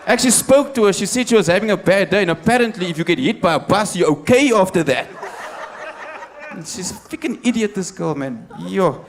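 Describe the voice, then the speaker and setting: South African comedian with a raised voice. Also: male voice, high-pitched, a little fast, a little hiss or hum. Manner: animated storytelling, acting out quoted characters. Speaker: stand-up comedian. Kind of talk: stand-up comedy set.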